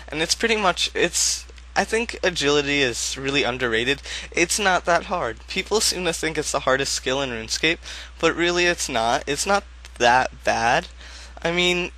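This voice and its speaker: A man's voice: mid-range voice, bright, forceful tone. A young man giving rambling, offhand commentary while playing a game, with lots of fillers. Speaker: gaming video maker. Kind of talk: casual gameplay commentary.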